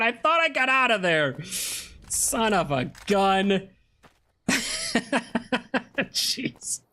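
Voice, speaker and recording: A chatty game streamer talks through the play with a lively, bouncing voice that swoops up and down. The commentary is casual and self-mocking, full of fillers and quick laughs at their own mistakes. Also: mid-range voice, a little hiss or hum. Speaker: gameplay streamer.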